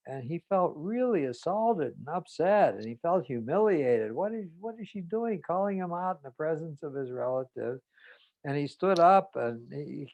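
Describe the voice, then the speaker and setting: A man, a psychotherapist, telling a clinical case story in a measured way with hesitant pauses. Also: fairly high pitch, vocal fry, darkish tone, no echo, poor audio. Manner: measured, with hesitant fillers and restarts.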